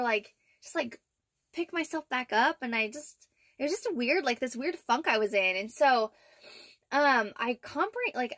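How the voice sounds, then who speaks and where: A woman's voice: high voice, fairly bright tone, no room sound, clean studio sound. A young woman vlogger talking casually and rambling, with lots of fillers and little laughs, from her van. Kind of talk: casual vlog chat. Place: inside her camper van.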